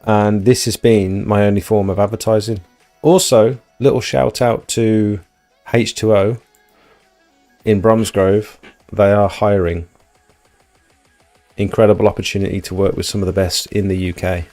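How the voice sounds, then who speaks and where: A man's voice: on the low side, little pitch movement, moderate pace, long pauses, a little mellow, soft background music. A British man hosting a livestream, chatting casually and answering viewers' questions as they come in. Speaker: livestream host. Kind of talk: casual live chat.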